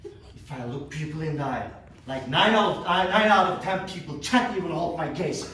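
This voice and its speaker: A man's voice: on the high side, moderate pace, fairly bright tone, a little hiss or hum, lightly acted. A man playing a profane, rattled young man. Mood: agitated rant. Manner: profane, rambling, restless. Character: cocky, rattled young man ranting about family. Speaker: stage actor performing a monologue. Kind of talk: theatrical monologue. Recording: echoey room, mic far off.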